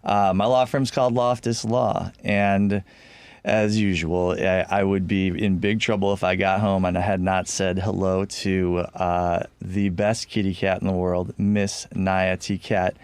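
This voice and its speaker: A man's voice: low-pitched, little pitch movement, a little slow, darkish tone, smooth, no echo. A man who is a real estate lawyer and regular on a radio show, friendly and good-humored in casual talk. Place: radio studio. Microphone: studio mic.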